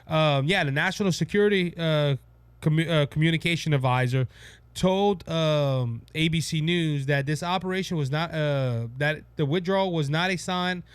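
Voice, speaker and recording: A man's voice: fairly high pitch, moderate pace, clear, resonant tone, no room sound. Cajun man rambling on politics, dry sound. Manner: rambling, restarts often, emphatic. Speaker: podcast host. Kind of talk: casual political talk.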